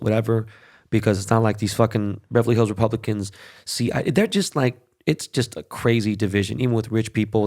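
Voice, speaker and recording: Gravelly, profane man telling a story. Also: on the low side, darkish tone. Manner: profane, emphatic, conversational. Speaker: podcast host. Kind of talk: casual storytelling monologue.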